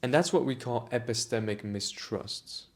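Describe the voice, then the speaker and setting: A man's voice: medium pitch, moderate pace. Guy vlogging his thoughts, keeps restarting and repeating himself, gets emotional. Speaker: vlogger on autistic culture. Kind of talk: reflective personal monologue.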